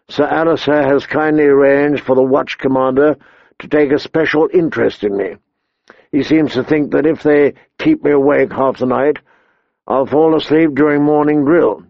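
Steady earnest young sentry, read by a man, mid-pitched, lo-fi. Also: normal speed, gravelly, dry recording. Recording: dull lo-fi dry recording.

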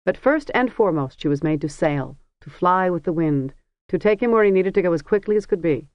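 An audiobook narrator reading a fantasy story in a measured, even storytelling manner. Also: mid-range voice, no room sound. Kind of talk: scripted narration. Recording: dry, dull lo-fi recording.

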